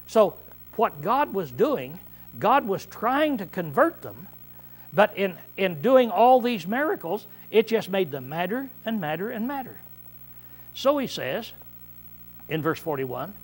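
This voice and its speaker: A man preaching a conversational Bible-study sermon, often clearing his throat and checking in with "see?" as he repeats and restarts phrases. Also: high voice, big pitch swings, normal speed. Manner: repetitive, restarts mid-phrase.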